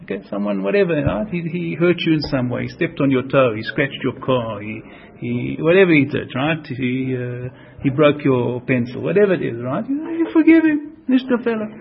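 Gravelly man giving a lively Torah lecture. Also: mid-range voice, moderate pace. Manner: animated, repeats himself, mixes Hebrew and Yiddish terms. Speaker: Torah teacher. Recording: dull lo-fi recording with faint hiss.

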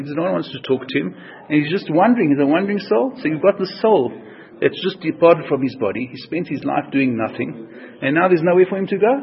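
A man's voice: fairly high pitch, vocal fry, dull audio. A man teaching a religious text in an earnest, repetitive way, restating each phrase as he explains it. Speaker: Torah teacher.

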